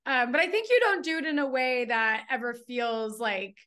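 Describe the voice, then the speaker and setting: A woman author and professor interviewing a fellow writer over a video call, talking quickly and effusively, laughing often. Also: sits high, a bit bright. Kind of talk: virtual book launch conversation. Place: home in Texas.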